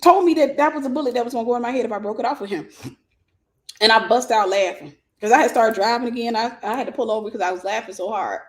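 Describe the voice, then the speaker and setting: A woman host telling a personal story and giving dating advice in a lively, casual way, often breaking into laughter. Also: a little high, fast. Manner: animated, bursts into laughter, vernacular.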